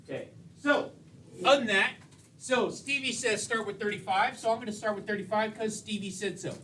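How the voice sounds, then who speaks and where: A man's voice: sits high, a little fast, sharp tone. A male teacher lecturing a class and teasing his students with jokes as he goes. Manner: teasing, joking banter with students. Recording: echoey classroom, distant mic, faint room noise.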